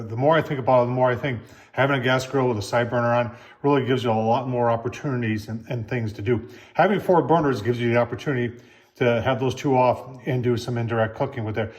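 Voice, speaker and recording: A man's voice: medium pitch, fast. A man hosting his own channel, casually reviewing a gas grill while cooking and chatting to viewers in a folksy way.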